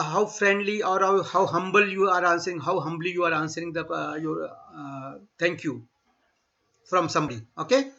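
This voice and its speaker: A man teaching a German class online, speaking slowly and repeating words for students to echo. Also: high-pitched, creaky, sharp tone. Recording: dull lo-fi online class audio.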